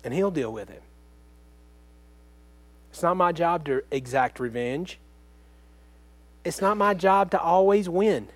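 A male pastor delivers a sermon in an earnest, conversational way, often putting questions straight to his congregation. His voice sits a little high for a man and sounds dry and close, with no room echo. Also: lively intonation, takes it slowly, long pauses.

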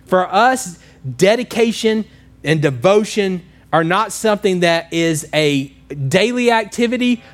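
Preacher, male, light high voice, chatty sermon style, keeps asking the room questions. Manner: conversational, asks the congregation questions. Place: church.

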